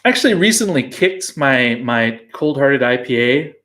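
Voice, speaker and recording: A man's voice: mid-range voice, big pitch swings, moderate pace, a bit bright. A man hosting a casual live beer show from his brew house, rambling and joking at his own expense with frequent laughs. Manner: rambling, self-mocking, laughs often. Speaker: beer blog host.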